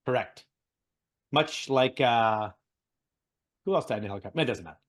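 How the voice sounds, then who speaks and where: A man co-hosting a casual podcast, animated and joking, laughing often and rambling through news. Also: mid-range voice, normal speed. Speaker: podcast co-host. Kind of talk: casual chat.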